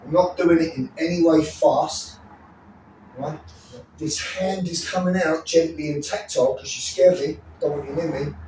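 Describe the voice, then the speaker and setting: A man's voice: fairly high pitch, steady tone, moderate pace, dark tone, distant mic, a little hiss or hum. A man teaching self-defense moves, blunt and profane, often checking in with the listener. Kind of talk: demonstration teaching. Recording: echoey room, off mic, faint ambience.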